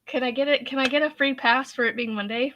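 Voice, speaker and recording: Woman, thirties, high bright voice, chatty, giggling to tears, casual livestream host. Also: steady tone, fast, lo-fi sound, a little hiss or hum. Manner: giggly, chatty, addresses viewers as y'all. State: laughing to tears.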